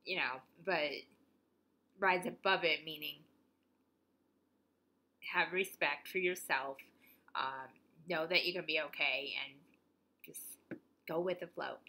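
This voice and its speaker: A woman hosting her own oracle card vlog, talking casually to the camera with gentle encouragement and stumbling over her words in bloopers. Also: low voice, fairly even intonation, takes it slowly, pauses often, a little hiss or hum. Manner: gentle, encouraging sign-offs. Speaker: oracle card reader and channel host.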